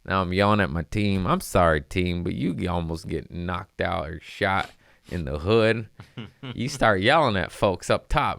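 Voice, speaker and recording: A man's voice: deep voice, lively intonation, measured pace, vocal fry, fairly bright tone, no echo, studio quality. A young adult man, a comedian, rambling casually and profanely, laughing between lines.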